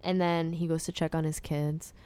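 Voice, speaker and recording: A young woman in casual conversation, recapping a movie in a relaxed way and chiming in with short agreements. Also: low-pitched, normal speed, a little hiss or hum.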